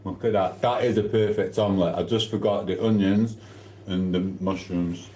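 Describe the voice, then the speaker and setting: A man's voice: deep voice, fairly even intonation, normal speed, mellow, slight background noise. A man chatting casually on a live stream, reading out viewer comments while he eats. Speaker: livestreamer. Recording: echoey room.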